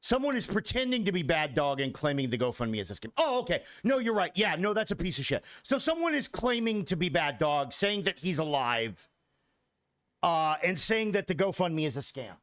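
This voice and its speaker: A man's voice: a little high, sing-song, normal speed, fairly bright tone. A young man streaming a video game, swearing freely and talking back to his chat with exasperation. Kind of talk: casual gameplay commentary.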